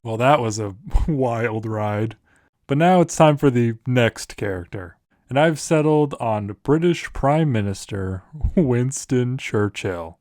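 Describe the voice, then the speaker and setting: A man's voice: medium pitch, animated, slow pace, a little mellow, dry recording, studio quality. A man reading out chatbot conversations for comedy, playful and laughing often. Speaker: YouTuber.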